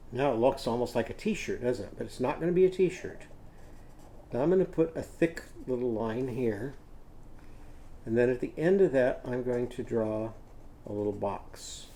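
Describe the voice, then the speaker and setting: A man leads a children's phonics lesson as he draws on a page. His voice is dark and mellow, and he sounds out each word slowly and patiently for young learners. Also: medium pitch, a little hiss or hum. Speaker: teacher. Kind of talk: children's literacy lesson while drawing.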